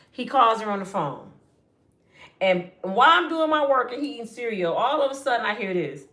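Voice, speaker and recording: A woman spins a personal story in relaxed, slangy speech and keeps talking straight to her listeners. She acts out the people in it, sometimes hushing way down, sometimes getting loud. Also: medium pitch. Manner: animated, acts out quotes with hushed and raised voices; colloquial, addresses listeners as y'all. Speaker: storyteller speaking to her audience. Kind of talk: casual storytelling monologue.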